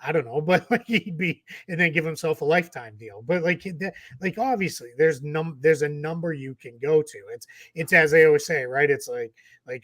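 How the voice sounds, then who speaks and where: A man's voice: on the high side, normal speed, a bit bright. A man with a slightly raised voice chats loosely about basketball, often restarting his sentences and stumbling over repeated words. The sound is dry and close, with no room echo. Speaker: podcast co-host. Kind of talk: casual sports talk.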